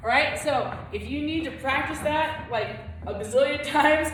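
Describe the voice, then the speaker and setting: Woman dance teacher, upbeat counting, slightly high voice, very echoey room, far from the mic. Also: moderate pace, heavy background noise. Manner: chatty, encouraging, counts beats aloud while clapping and dancing. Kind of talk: online dance lesson.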